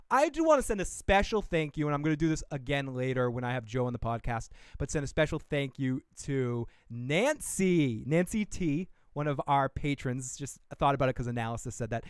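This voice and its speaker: A man's voice: medium pitch, clear, resonant tone, no room sound, studio quality. A man hosting a casual podcast livestream, rambling and swearing freely as he reacts to a trailer. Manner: rambling and profane, with laughs and self-talk. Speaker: podcast host reviewing a trailer.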